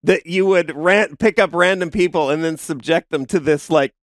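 At normal speed, with a clean, echo-free studio sound, a man co-hosting a podcast casually tells a wild story. He's an animated storyteller who acts out the people he quotes with sudden high yelps, swears freely, and laughs his way through his own tale.

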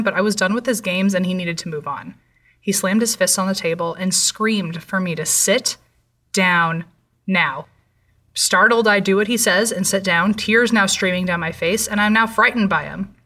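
A young woman tells a first-person story in a steady, measured voice. Her tone is bright and crisp, and her pitch is middling for a woman. She sits a little back from the microphone. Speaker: narrator. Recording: voice slightly distant from mic.

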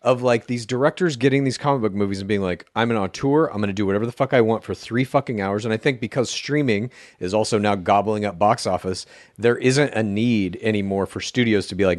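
A man's voice: on the low side, brisk, no room sound, clean studio sound. A man in his forties, a podcast co-host, ranting casually and swearing often. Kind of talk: casual comedy chat.

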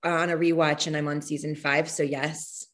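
A woman guest on a podcast, talking earnestly and effusively, with halting restarts and frequent laughter. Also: deep voice, level tone, fairly bright tone. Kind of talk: casual interview chat.

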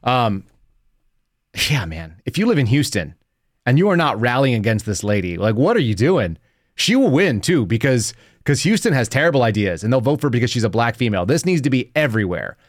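A man's voice: medium pitch, very animated, brisk, no room sound, studio quality. A man in his thirties hosting an opinionated podcast, mocking and laughing often as he rants. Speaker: podcast host.

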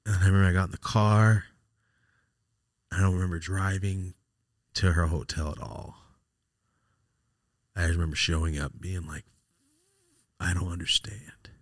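A man hosting a podcast, telling a personal story in a raw, profane, halting way, his voice sometimes sinking almost to a whisper. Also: sits low, fairly even intonation, dry recording, studio quality. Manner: raw, profane, halting, drops to a near-whisper when upset. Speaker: podcast host. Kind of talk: casual storytelling.

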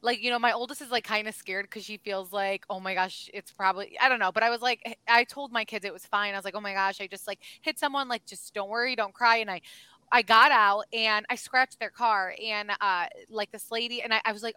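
A woman in her thirties, a podcast co-host telling stories in casual chat, animated, filling her talk with "like" and "oh my gosh". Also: on the high side, brisk, clear, resonant tone, no room sound, rough recording. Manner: animated storyteller, lots of "like" and "oh my gosh".

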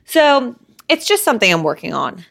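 A woman's voice: a little high, sing-song, normal speed, gravelly, a bit bright, no echo, clean studio sound. A young woman hosting her own podcast, talking candidly and a bit out of breath, with frequent "like.". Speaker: podcast host. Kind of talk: casual solo podcast talk. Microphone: phone.

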